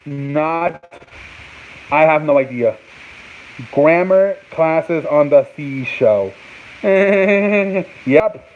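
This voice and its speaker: This male sports talk host, chatting casually on a live stream, has a fairly high pitch, draws out his words, and pauses often. He rambles and swears while sounding words out repeatedly, and the recording is tinny like a phone with faint background noise.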